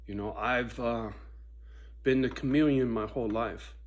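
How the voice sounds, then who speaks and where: A man in a profane casual monologue, swinging from a loud, preachy rant to low muttering. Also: fairly even intonation, unhurried. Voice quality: swears constantly, preachy and intense. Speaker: vlogger.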